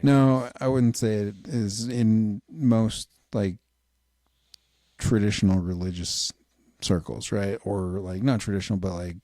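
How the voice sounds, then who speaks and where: A man's voice: on the low side, steady tone, warm tone, no echo, studio quality. A man from Utah co-hosting a podcast, chatting casually and joking often. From Utah, United States. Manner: jokey, quick to laugh. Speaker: podcast co-host. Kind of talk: casual chat.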